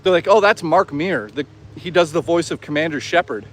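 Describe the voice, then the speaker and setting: A man's voice: fairly high pitch, lively intonation, fairly quick, a bit bright. A man live-streaming outdoors, chatting casually, swearing freely and reading out chat. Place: outdoors on an urban trail.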